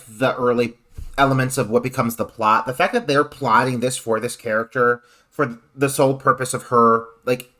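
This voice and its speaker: A man on a podcast panel, talking about a film in an animated, opinionated way with laughter. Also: mid-range voice. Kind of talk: casual film discussion.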